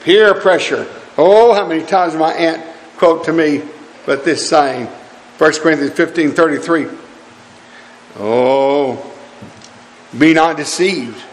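A man's voice: fairly high pitch, slow, long pauses. A middle-aged man preaching a sermon with fervent, repeated rhetorical questions. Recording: hall reverb.

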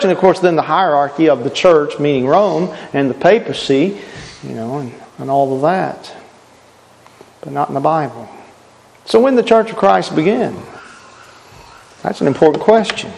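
Emphatic high-voiced male preacher. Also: normal speed, gravelly, pauses often, darkish tone, long reverb tail, rough recording. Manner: earnest, emphatic, rhetorical questions. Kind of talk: sermon.

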